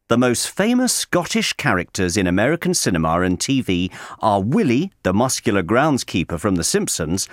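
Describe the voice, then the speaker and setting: A man's voice: mid-range voice, no echo. Wry man reading a scripted letter. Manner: measured, wry, dry humor. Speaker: correspondent reading a regular letter. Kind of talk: scripted narration for English learners.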